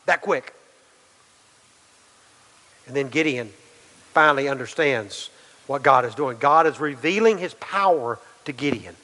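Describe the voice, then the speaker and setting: A man's voice: mid-range voice, measured pace, pauses often, pushed and bright, in a large hall, rough recording. A pastor delivering a conversational sermon, acting out quotes and often repeating words as he goes.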